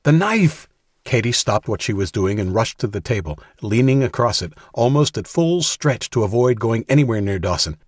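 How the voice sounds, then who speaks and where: A man reads an audiobook in a steady, measured way. His voice sits low with a husky grain. The recording is close and dry, with no room sound. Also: no echo. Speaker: audiobook narrator. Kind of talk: scripted audiobook narration.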